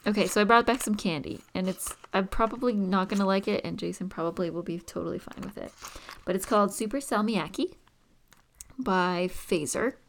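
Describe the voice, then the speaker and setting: Gravelly-voiced chatty woman podcaster. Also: medium pitch, brisk. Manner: chatty, rambling, self-deprecating. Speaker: podcast co-host. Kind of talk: casual chat. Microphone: podcast microphone.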